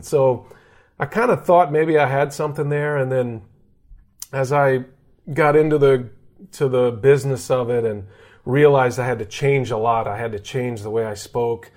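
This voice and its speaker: A sportscaster from Texas tells stories in a relaxed podcast interview. His voice sits at an everyday middle pitch. He is animated and keeps slipping into the voices of the people he quotes. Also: normal speed. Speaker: guest sportscaster. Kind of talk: casual storytelling interview.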